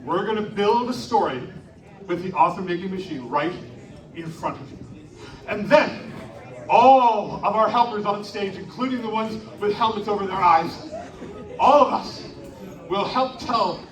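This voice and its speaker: A man hosting an interactive live storytelling show, animatedly coaxing the audience to shout along. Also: high-pitched, normal speed. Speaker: live children's storytelling performer. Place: outdoor winter carnival stage. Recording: echoey, distant live stage recording with crowd. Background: audience noise.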